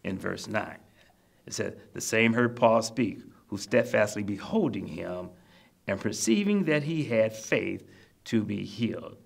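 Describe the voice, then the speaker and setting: A man's voice: lowish voice, expressive, a little slow, gravelly. A man preaching a sermon to nursing home residents, explaining scripture plainly and repeating his points to encourage them. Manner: repetitive, exhorting, explains scripture in plain terms. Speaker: minister.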